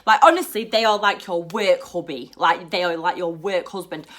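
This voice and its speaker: A young British woman chatting to camera in a blunt, profane and animated way. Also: fairly low pitch, normal speed. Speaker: vlogger. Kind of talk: casual to-camera chat.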